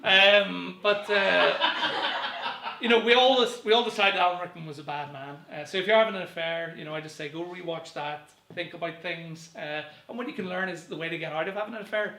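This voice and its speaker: A man's voice: sits high, fairly quick, bright, forceful tone, echoey room. A young man doing a rambling, self-deprecating stand-up set to camera from home, full of fillers and chuckles at his own jokes. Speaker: stand-up comedian.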